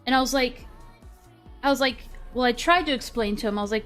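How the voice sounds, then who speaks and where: A woman's voice: fairly high pitch, a little fast, faint music behind. A woman streamer casually retelling an argument, acting out both sides of the dialogue with lots of fillers. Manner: animated retelling with quoted dialogue and frequent fillers. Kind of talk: casual storytelling chat.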